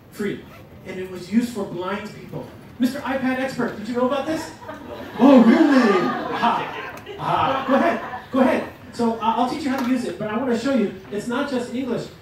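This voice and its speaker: A man presents a teaching workshop with lively, joking energy. His voice sits fairly high and carries through a very echoey hall. He is picked up from a distance with clear background noise. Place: lecture room.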